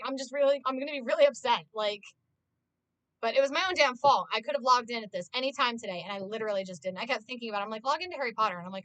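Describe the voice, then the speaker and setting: A woman's voice: fairly high pitch, animated, rapid-fire, fairly bright tone, no room sound. A woman streamer in casual live-stream chat, talking freely to her viewers, swearing often and filling her talk with "like". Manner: chatty, swears often, heavy use of "like".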